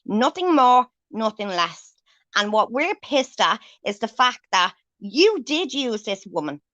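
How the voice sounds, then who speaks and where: A high-voiced woman tears into someone on her livestream, cursing constantly and hammering her points home. Her voice is bright and sharp. The sound is close and dry, with no room around it. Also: big pitch swings, unhurried, dry recording, lo-fi sound. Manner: angry, swears heavily, confrontational. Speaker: livestream host. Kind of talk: angry livestream rant.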